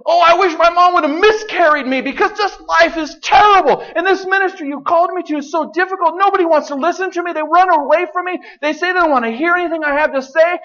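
A man's voice: fast, hardly any pauses, pushed and bright, muffled recording. A man voicing a despairing, whiny male prophet who complains about his miserable life. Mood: whining. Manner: high complaining wail.

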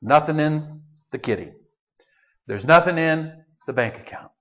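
High-voiced male pastor, chatty sermon delivery with quoted lines, dull lo-fi recording. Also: expressive, a little slow, fairly bright tone. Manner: conversational preaching, shifts into quoted voices of God.

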